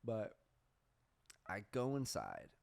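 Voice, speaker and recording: Young male podcast host, lowish voice, loose rambling storyteller who swears freely. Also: wildly swooping pitch, takes it slowly, creaky, darkish tone. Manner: rambling, swears often, laughs at himself; reads search results aloud. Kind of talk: casual storytelling chat.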